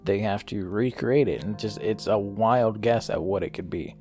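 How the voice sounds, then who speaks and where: A young man co-hosts a podcast, speaking at a moderate pace in a low, dark voice while faint music plays behind him. He retells a show in casual, profane chat, acting out quotes and often breaking into laughter.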